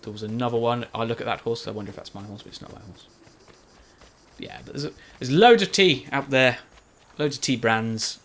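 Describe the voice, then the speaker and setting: A Let's Play commentator speaks briskly in a mid-range, fairly bright voice. His commentary on his own recorded gameplay is chatty and meandering, full of jokes at his own expense.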